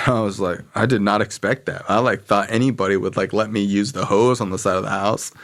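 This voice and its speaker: A man's voice: lowish voice, steady tone, fairly quick, fairly bright tone. A young man from Florida, a podcast guest, telling a story in a casual, profane way and acting out what others said.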